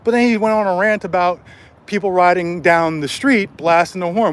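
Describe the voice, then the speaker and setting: Man, high-pitched, angry, profane, taunting, outdoor street livestream, phone mic, faint city noise. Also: normal speed. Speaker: street livestreamer confronting a rival.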